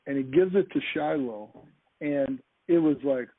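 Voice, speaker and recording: A man with a somewhat high, husky voice tells a story with eager energy, stopping and restarting his sentences. He is heard over a thin, phone-like call line with a dry sound. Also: unhurried, dry recording. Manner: enthusiastic, with frequent restarts. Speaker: podcast speaker. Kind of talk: animated anecdotal storytelling. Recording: tinny phone-like call audio.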